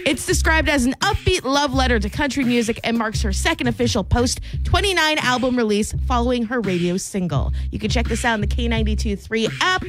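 Casting: playful female morning radio co-host, high bouncy voice, faint music bed. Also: brisk, few pauses. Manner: playful, jokey. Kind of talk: casual radio banter and news reading.

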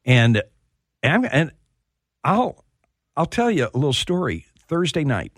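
A man hosting a sports radio show, telling stories in a heartfelt, halting way. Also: on the high side, big pitch swings, a bit bright, no room sound, studio quality. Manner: storytelling, emotional, repeats words when starting. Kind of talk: casual sports talk.

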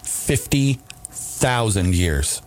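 A man's voice: on the low side, expressive, drawn-out words, slight background noise. A man hosting a morning radio show, chatting casually and rambling with restarts and laughs, in a groggy morning voice.

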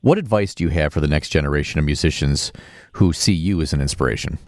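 A man's voice: extremely low pitch, fast talker, darkish tone, no echo, studio quality. A male radio host interviewing a guest in an upbeat, complimentary way. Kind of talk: broadcast interview.

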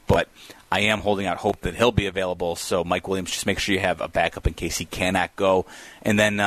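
A man's voice: sits low, gravelly, fairly bright tone, no room sound. A man hosting a fantasy football call-in radio show, talking in an upbeat, chatty way with loose fillers.

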